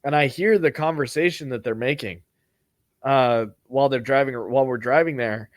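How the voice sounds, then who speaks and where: A man hosts a comedy podcast and tells a travel story. He swears freely and drifts from point to point in an offhand way. His voice sits at a middling pitch and sounds close and dry. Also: normal speed, no room sound. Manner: rambling, profane, offhand. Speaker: podcast host.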